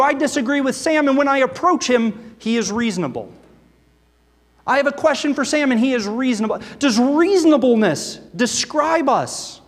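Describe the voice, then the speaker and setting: Man, pastor, earnest sermon, rhetorical questions, fairly high voice, long hall reverb. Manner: earnest, rhetorical questions, reads scripture aloud.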